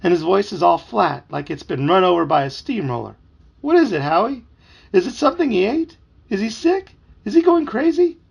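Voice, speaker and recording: A man voicing an upset young boy who pleads in a high, loud, urgent voice. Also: brisk, vocal fry, few pauses, husky, highs cut off, full character voice. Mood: tearful pleading.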